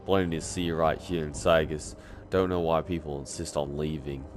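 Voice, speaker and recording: A man's voice: very deep voice, steady tone, normal speed. A man reading out a wry city guide. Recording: game music playing behind.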